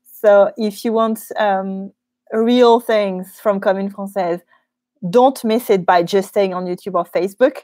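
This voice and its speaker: A female French teacher with a French accent chats during a live Q&A session from a small office studio. Her voice is medium-pitched, mellow and steady, a little slow, with frequent ums and easy laughter, recorded with no echo.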